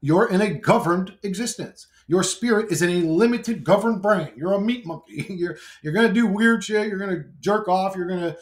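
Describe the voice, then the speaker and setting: A man voicing a relaxed, understanding male God who speaks to him casually. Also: sits high, normal speed, hardly any pauses, roomy sound, pitched above the performer's own voice, natural voice. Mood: reassuring.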